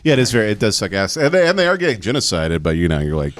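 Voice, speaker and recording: A man's voice: lowish voice, rapid-fire, no room sound. A young man co-hosting a casual comedy podcast, telling crude stories and mimicking people he mentions. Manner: storytelling with put-on voices, crude, animated. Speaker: podcast co-host.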